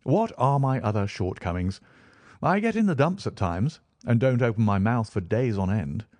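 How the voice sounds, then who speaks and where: A man voicing an eager, brilliant young male detective, talking quickly and enthusiastically in a raised voice. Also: medium pitch, very animated, a little mellow, dry recording, pitched above the performer's own voice. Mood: lively.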